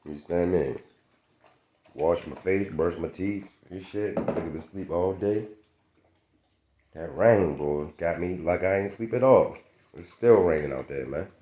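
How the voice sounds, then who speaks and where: Vlogger, male, very low voice, groggy and laid-back, slangy casual talk, echoey room. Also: a little slow, warm tone, slight background noise. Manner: laid-back slangy chat, keeps asking "you understand me". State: just woken up, groggy. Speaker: dog owner vlogger. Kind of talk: casual vlog talk to camera. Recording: roomy echoey sound.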